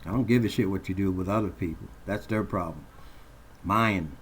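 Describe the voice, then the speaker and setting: A man with a fairly low voice unloads a heated, profane rant straight into his phone camera. He talks in blunt, confrontational bursts. A faint hiss sits under the recording. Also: moderate pace, a bit bright. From Colorado. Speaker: vlogger.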